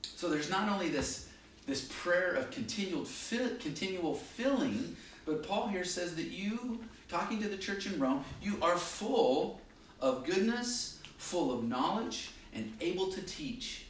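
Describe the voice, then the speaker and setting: A male pastor preaching a sermon, emphatic, rising and falling in pitch and volume to stress his points. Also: expressive, unhurried, slight background noise. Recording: very echoey hall, mic from a distance.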